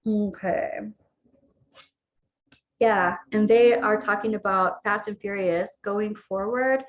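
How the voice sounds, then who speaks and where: A woman talks through a tarot reading in a loose, conversational way. Her voice sits at an ordinary middle pitch. She often restates and rephrases a line before moving on to the next card. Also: fairly even intonation, slow. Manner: conversational, repeats and rephrases phrases. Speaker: tarot reader. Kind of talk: casual spoken tarot reading.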